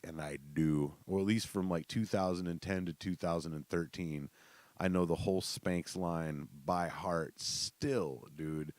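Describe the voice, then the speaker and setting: A man's voice: sits low, fairly even intonation, normal speed, a little mellow, dry recording. A man hosting a podcast, casually telling profane, joking work stories. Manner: profane, joking, laughing asides. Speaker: podcast host. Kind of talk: casual storytelling.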